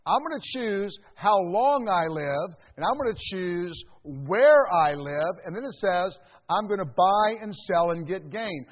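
A man preaching a sermon as pastor, animated, with conversational asides and sudden shouts to grab attention. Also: high-pitched. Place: church sanctuary. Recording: phone-like sound with long hall reverb.

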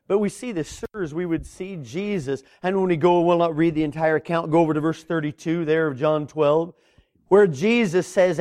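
A middle-aged man preaching as a Baptist pastor, his voice swelling and dropping with drawn-out emphasis. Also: a little high, fairly even intonation, mellow. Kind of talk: sermon.

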